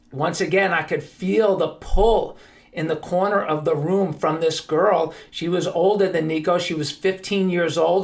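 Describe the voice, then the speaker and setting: Male podcast host, high voice, earnest, emphatic, storytelling monologue.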